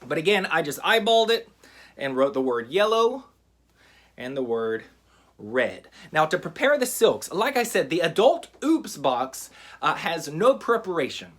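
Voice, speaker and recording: A man teaching a magic trick in a relaxed, chatty how-to style, with frequent fillers. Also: fairly high pitch, measured pace. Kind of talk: casual how-to tutorial.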